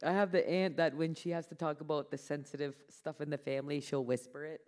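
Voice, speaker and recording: A woman's voice: low voice, steady tone, brisk, a little mellow. A middle-aged woman, an author on a festival stage, talking frankly and easily with frequent ums. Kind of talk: casual conversation.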